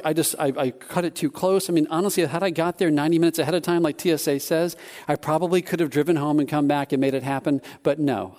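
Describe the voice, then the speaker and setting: Animated man preaching a story. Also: on the high side. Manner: animated storytelling with many restarts. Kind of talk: sermon with personal story.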